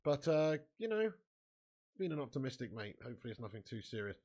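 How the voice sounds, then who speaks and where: A man's voice: mid-range voice, very animated, fast. A man hosting a live football watch-along, chatting casually with viewers and calling them mate and lad. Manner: erupts into angry shouting at the match.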